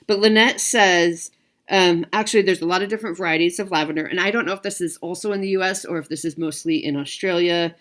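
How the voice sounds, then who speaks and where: A woman with a slightly low voice chats casually to her viewers, trailing off and circling back as she goes. She fills her sentences with ums and restarts. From United States. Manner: chatty, filler-heavy, frequent restarts. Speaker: cross-stitch video host.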